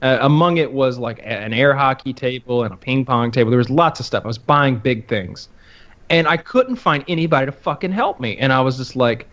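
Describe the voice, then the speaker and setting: A man's voice: medium pitch, expressive, brisk, fairly bright tone, dull audio. A man co-hosting a podcast who tells stories in a rambling, casual way, repeating words and swearing. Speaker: podcast co-host. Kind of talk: casual chat.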